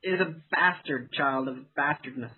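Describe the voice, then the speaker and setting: A man's voice: mid-range voice, unhurried, husky. A man co-hosting a casual podcast chat about cartoons, sarcastic and given to exaggerated rants. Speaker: podcast co-host. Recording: phone-like narrow sound.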